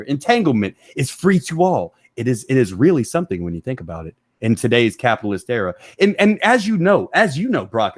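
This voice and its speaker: A man hosting a stream from a back room of his house, ranting loudly and mockingly with heavy profanity. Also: mid-range voice, no room sound. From Texas. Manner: loud, mocking, rapid rant. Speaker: stream host.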